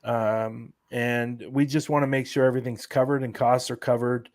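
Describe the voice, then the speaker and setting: As an event organizer guesting on a laid-back podcast, this man rambles through his explanations, his sentences full of fillers. He talks at a moderate pace with a level tone and medium pitch in an ordinary middle register, recorded dry and close without any room echo.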